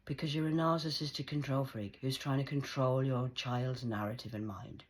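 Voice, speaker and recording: A woman's voice: very deep voice, steady tone, normal speed. A woman in her forties ranting bluntly in a heated casual monologue, swearing often. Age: 40s. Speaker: vlogger.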